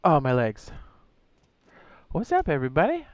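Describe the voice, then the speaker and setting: A man's voice: fairly high pitch, huge pitch swings, moderate pace, no room sound. A man hosting his own game live stream, chatting casually, reading viewers' messages aloud and often correcting himself. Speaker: streamer and server host.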